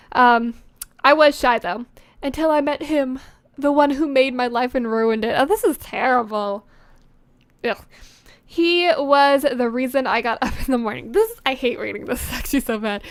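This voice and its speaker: High-voiced teen girl, dry close mic. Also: no echo. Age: teenager. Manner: self-mocking, giggly, drifting to quiet mutters. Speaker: vlogger. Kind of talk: casual reading aloud with asides. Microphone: studio condenser microphone.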